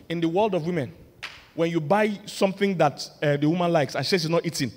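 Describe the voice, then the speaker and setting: High-voiced pastor preaching in a hall. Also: male voice, fast. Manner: lively, humorous, builds to loud emphatic points. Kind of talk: sermon on marriage. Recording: long reverb of a large hall.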